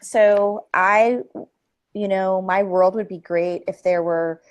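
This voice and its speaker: A woman speaking as a creativity expert in a live interview, energetic and rambling, with frequent fillers and laughs. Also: medium pitch, takes it slowly, dull audio.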